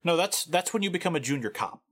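Podcast cohost w/ a bouncy, expressive voice, dry sarcastic jokes, mid pitch. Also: fast, husky. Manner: dry sarcastic asides, laughs at own jokes. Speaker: podcast co-host. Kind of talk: casual chat with band history narration.

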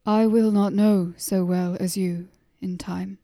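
A woman voicing a calm, wise male messenger who speaks gravely and gently. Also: medium pitch, no echo, studio quality. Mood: gentle. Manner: slow, grave, measured.

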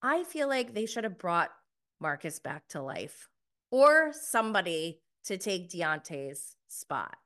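Woman vlogger recapping a show; slow, bright, emphatic delivery, laughs easily. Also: fairly low pitch, very animated. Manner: chatty, emphatic, laughs often, filler "like". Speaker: TV recap reviewer. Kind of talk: casual recap commentary.

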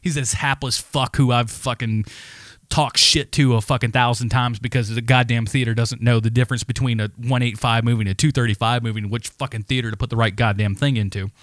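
A man co-hosting a podcast, telling a story in a casual, animated, heavily profane rant. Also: medium pitch, brisk, no room sound, clean studio sound. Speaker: podcast co-host.

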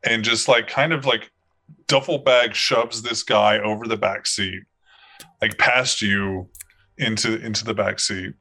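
A man running a tabletop role-play session, describing the scene in a bright, forward voice. He talks loosely and rambles with plenty of fillers as he narrates. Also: lowish voice, steady tone, unhurried. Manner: laughing, loose storytelling with many fillers. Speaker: game master.

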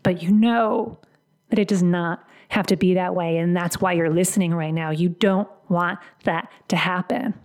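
A woman's voice: fairly low pitch, steady tone, moderate pace, darkish tone. A woman career coach delivering a motivational podcast monologue, emphatic and fond of repeating phrases for punch.

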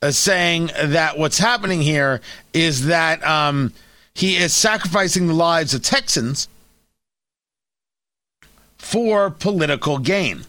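A man's voice: fairly high pitch, lively intonation, slow pace, long pauses, pushed and bright, no room sound. A man hosting a talk radio show, delivering sarcastic, mocking opinion commentary.

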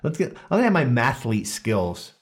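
Animated, joking male podcast host. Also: medium pitch, normal speed. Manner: animated, joking, often restarts and corrects himself. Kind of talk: casual podcast chat reading through a study.

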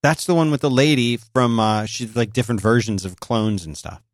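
Male podcast co-host, relaxed storyteller, mid-range voice, dry close mic. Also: medium pitch, moderate pace, no room sound. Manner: easygoing, laughs often, tells anecdotes. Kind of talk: casual chat, reads a sponsor spot.

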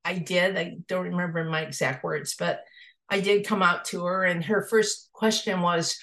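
A woman in her sixties telling a personal story in an interview, lively and animated in how she tells it. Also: lowish voice, normal speed, creaky. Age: 60s. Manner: lively, acts out family dialogue.

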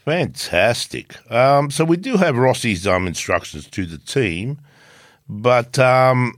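A man's voice: mid-range voice, lively intonation, takes it slowly, no room sound, clean studio sound. A man co-hosting a podcast, chatting casually with laughter and swearing. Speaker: podcast co-host. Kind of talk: casual chat.

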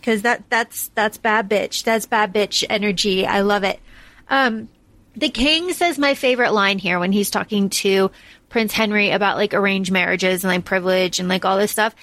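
A woman's voice: mid-range voice, moderate pace, a bit bright, no room sound. A woman co-hosting a casual film podcast, enthusiastic and gushing, swearing casually. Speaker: podcast co-host. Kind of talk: casual chat about a film.

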